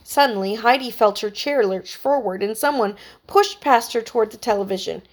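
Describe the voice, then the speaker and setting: A woman narrating a children's story with a steady, expressive reading. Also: a little high, moderate pace.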